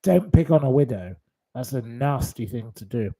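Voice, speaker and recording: A man's voice: mid-range voice, sing-song, moderate pace, warm tone. A man hosting his own channel, delivering an angry, scolding rant full of insults. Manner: indignant, scolding, hurling insults. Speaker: channel host.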